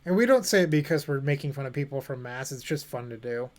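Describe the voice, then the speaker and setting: A man's voice: mid-range voice, animated, fast. A young man streaming a card game, thinking aloud and joking with his chat in a casual way. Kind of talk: casual commentary while playing.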